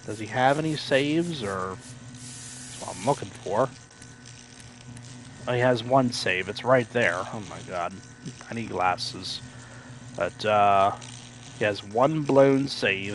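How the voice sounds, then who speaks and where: A man casually chatting on a game livestream, rambling with lots of fillers and self-corrections, now and then acting out loud excited announcers. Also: takes it slowly, long pauses, slight background noise. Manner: acts out quoted announcers with sudden loud high outbursts. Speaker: livestream gamer.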